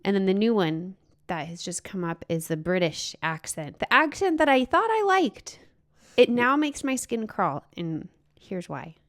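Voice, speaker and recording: A woman co-hosting a comedy podcast, chatting casually with blunt, crude, deadpan remarks. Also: medium pitch, unhurried. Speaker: podcast co-host, comic.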